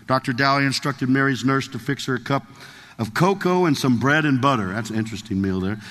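A man's voice: mid-range voice, fairly quick, fairly bright tone, big-room sound. A male preacher delivering a sermon, reading a story aloud in an earnest, emphatic way.

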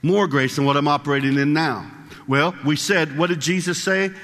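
A man preaching a sermon in a conversational way, asking the congregation questions and reading scripture aloud slowly. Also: on the high side, fairly bright tone, in a large hall.

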